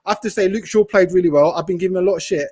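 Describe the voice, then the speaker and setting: A man's voice: sits high, racing, slight background noise. A man, a football fan panelist talking in slangy, heated chat. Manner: slangy, animated, talks over others.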